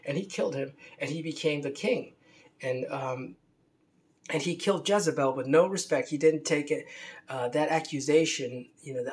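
A man's voice: fairly high pitch, moderate pace. A man talking in a rambling, unscripted monologue, with many restarts and fillers and a scornful edge. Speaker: commentator on religion.

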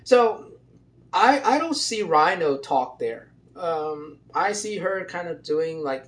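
A man's voice: on the high side, animated, slow. A man giving casual, rambling political commentary with many fillers and restarts.

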